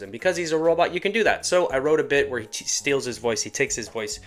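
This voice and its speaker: A man's voice: medium pitch, animated, fast talker, hardly any pauses, fairly bright tone. A man, an animator and show creator, explaining his voice work in a casual, rambling tutorial. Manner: casual, rambling, self-deprecating. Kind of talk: tutorial walkthrough.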